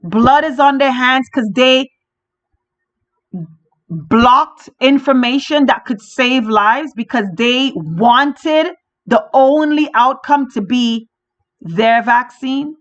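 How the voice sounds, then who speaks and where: A woman with a high voice speaks slowly as she hosts a podcast from Canada, delivering a fiery political monologue. She rallies listeners emphatically and repetitively, and the audio is dull and lo-fi.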